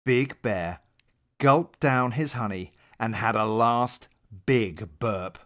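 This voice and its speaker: A man with a mid-range voice narrates a bedtime picture book aloud, reading in a slow, gentle storytelling manner.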